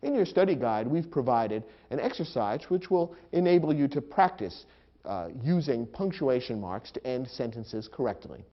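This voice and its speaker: A man giving a scripted grammar lesson, explaining in a measured way and acting out example sentences. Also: mid-range voice, sing-song. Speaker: grammar instructor. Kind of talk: scripted instructional narration. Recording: dull lo-fi recording.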